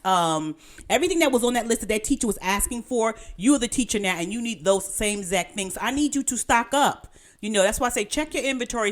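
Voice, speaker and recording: A woman co-hosting a casual podcast, chatting with listeners and calling them y'all and guys. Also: medium pitch. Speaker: podcast co-host.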